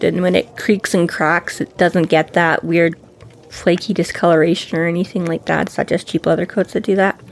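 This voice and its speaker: A woman co-hosts a casual book podcast, rambling through the discussion with lots of fillers and acting out quotes. Her voice is fairly low and gravelly.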